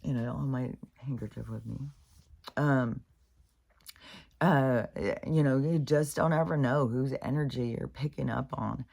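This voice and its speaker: A woman's voice: a bass voice, moderate pace, vocal fry, darkish tone. A woman vlogging in a rambling, casual monologue, chatty and meandering, full of fillers and swearing.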